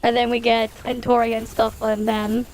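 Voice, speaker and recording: This streamer has a darkish, level voice on the high side and speaks at a moderate pace. Over game music, she keeps up easygoing chat with her audience, cursing and laughing frequently.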